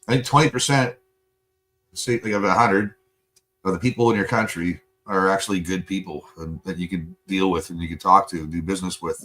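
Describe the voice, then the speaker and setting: A man's voice: low-pitched, a bit bright, slight background noise. A Canadian man hosting a casual podcast chat, ranting heatedly and swearing a lot into a studio mic. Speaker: podcast host.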